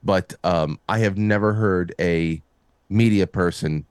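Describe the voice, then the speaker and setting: A man co-hosting a podcast in casual chat, reading articles aloud with halting restarts. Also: low voice, a little mellow, clear, resonant tone, no room sound, clean studio sound. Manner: halting, repeats words, reads articles aloud. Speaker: podcast co-host.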